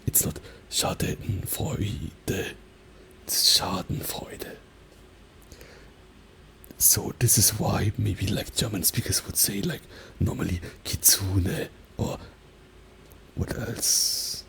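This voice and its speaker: Man, soft-spoken ASMR, slow, half-whispered, gravelly tone, binaural mic. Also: lowish voice. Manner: alternates soft talking and whispers, many "like" fillers. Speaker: ASMR creator.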